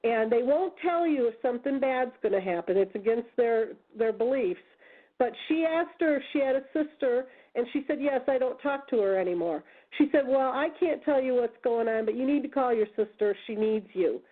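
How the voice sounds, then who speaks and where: A high-pitched woman tells her stories over a tinny phone line. She talks casually and with animation, slipping into the voices of the people she is quoting. She is from the United States. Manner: animated storyteller, acts out quoted voices. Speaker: guest. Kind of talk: casual storytelling on a call-in radio show.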